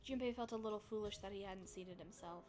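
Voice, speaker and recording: A woman's voice: medium pitch, fast, over music. Chatty young woman streamer. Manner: chatty, animated asides. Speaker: streamer reading a visual novel. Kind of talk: narration mixed with casual chat.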